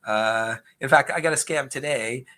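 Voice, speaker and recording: A man's voice: medium pitch, moderate pace, sharp tone. A man from a government agency answering questions about fraud in an earnest, explanatory way, often restarting his sentences. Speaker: agency speaker on investor fraud. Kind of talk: conversational Q&A presentation.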